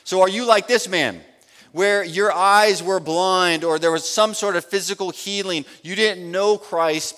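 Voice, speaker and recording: A male pastor delivers a sermon at an unhurried, deliberate pace, pressing his listeners with question after question. His voice sits somewhat high for a man. The sound rings with the long reverb of a large hall. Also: fairly bright tone. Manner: slow, emphatic preaching with rhetorical questions.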